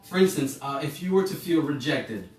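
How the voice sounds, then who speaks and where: A man's voice: mid-range voice, expressive, normal speed. Rambling male course teacher in an echoey room. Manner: rambling, self-correcting, asks listeners questions. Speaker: emotional intelligence course teacher. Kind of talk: informal online class talk. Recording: echoey room, a bit far from the mic, faint music.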